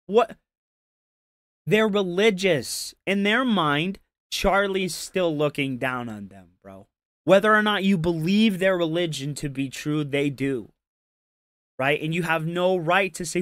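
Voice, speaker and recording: A man's voice: on the high side, lively intonation, measured pace, fairly bright tone, no room sound, studio quality. A man doing casual reaction commentary on a stream, ranting in an exasperated, profane and mocking way.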